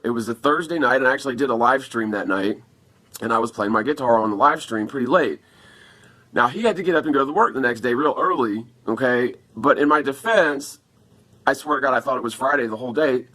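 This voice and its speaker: A man's voice: medium pitch, sharp tone. A man talking to camera on a phone in a rambling, profane casual vlog, upset after an attack and asking viewers for help.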